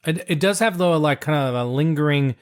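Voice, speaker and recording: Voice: mid-range voice, brisk, smooth. A podcast co-host leading a casual wine tasting in an easygoing, agreeable way, with playful asides.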